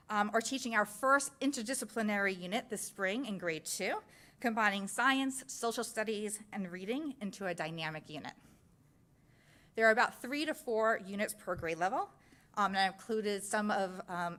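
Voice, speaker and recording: A woman's voice: mid-range voice, normal speed, a bit bright. A woman presenting a science curriculum at a school board meeting, walking through slides step by step in an explanatory way. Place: public meeting room.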